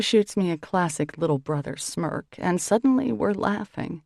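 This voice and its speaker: A woman's voice: fairly low pitch, lively intonation, normal speed, gravelly, warm tone, dry recording, clean studio sound. A woman narrating a first-person novel as an audiobook, in a wry, conversational way.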